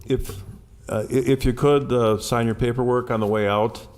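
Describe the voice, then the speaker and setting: A man's voice: mid-range voice, fairly even intonation, moderate pace, darkish tone. A man chairing a village board meeting, casual and hesitant with many uhs.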